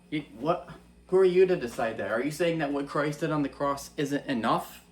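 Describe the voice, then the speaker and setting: A man's voice: fairly high pitch, moderate pace. A young man giving an earnest, casual faith-based monologue that is full of rhetorical questions. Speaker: Christian vlogger.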